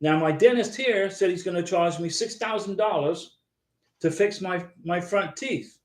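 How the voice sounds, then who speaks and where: Chatty high-voiced man in echoey room. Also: unhurried. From United States. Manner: rambling, chatty, repeats himself, talks to viewers by name. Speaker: host of a live visa advice stream. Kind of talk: casual live-stream chat reading viewer comments.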